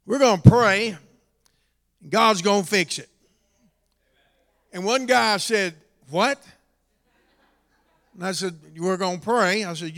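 A middle-aged man preaching a storytelling sermon in a church, dropping to a quiet telling voice and rising to shouts. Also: high-pitched. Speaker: pastor. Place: church hall. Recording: long hall reverb.

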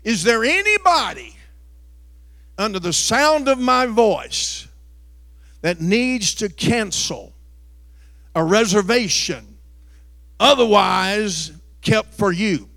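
A middle-aged male preacher delivering an impassioned sermon that rises into shouting as he calls people to the altar. His voice sits very high with a gravelly rasp. The sound is dry and close, with little room echo. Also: big pitch swings, slow pace, pauses often.

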